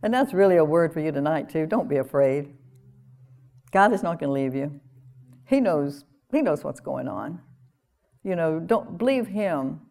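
A woman preaching a sermon in an earnest, conversational way, repeating phrases and laughing softly now and then. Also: deep voice, animated, normal speed, gravelly, long pauses.

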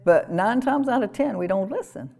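A woman preaching a sermon in an earnest, conversational way, repeating phrases and laughing softly now and then. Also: a little high, expressive, moderate pace, vocal fry.

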